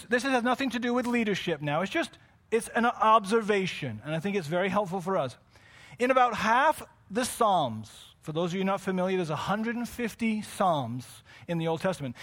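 Preaching man with a high, bright voice; loose and unscripted, moves from quiet confiding to shouted emphasis. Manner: swings from quiet and intimate to loud shouting; self-correcting, off-the-cuff asides. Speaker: pastor. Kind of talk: sermon.

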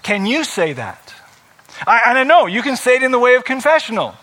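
A middle-aged pastor preaches a sermon in a high, bright voice, very animated and fairly quick. He's earnest, poses rhetorical questions to his listeners, and repeats phrases to drive each point home.

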